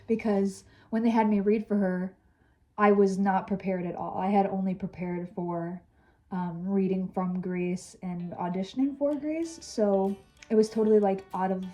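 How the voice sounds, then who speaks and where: A woman's voice: mid-range voice, warm tone, poor audio. A young woman chatting casually in a vlog, candid and full of fillers like "um" and "like". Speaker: vlogger.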